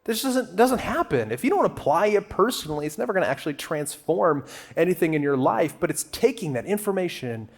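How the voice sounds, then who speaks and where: A man preaching a conversational sermon to a church crowd, animated and joking as he talks to them. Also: fairly high pitch, brisk. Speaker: guest preacher. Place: church auditorium.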